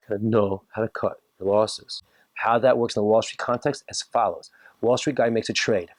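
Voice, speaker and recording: Man lecturing, rabbi, rapid delivery, dry close sound, jokey, acts out bits of dialogue. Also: on the low side, no room sound. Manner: joking, animated, acts out little dialogues. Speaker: rabbi giving a talk. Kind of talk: humorous lecture to a live audience. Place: lecture room with audience.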